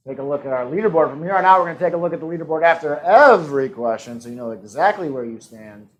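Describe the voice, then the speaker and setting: A man's voice: on the high side, animated, poor audio. A man hosting a live-streamed trivia game in a casual, joking manner. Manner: upbeat, joking asides and quick laughs. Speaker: trivia host.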